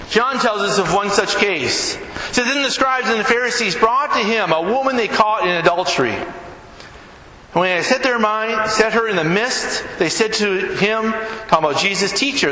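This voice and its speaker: A man preaching a sermon as pastor in a church, emphatic, climbing to near-shouts on key phrases. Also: high voice. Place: church sanctuary. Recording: echoey hall with background noise.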